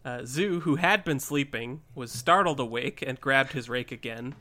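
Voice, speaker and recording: A man reading a story aloud on a podcast in a matter-of-fact way. His voice is bright and forceful at an ordinary pitch. He moves steadily through the narration. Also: normal speed. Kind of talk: story reading with casual chat.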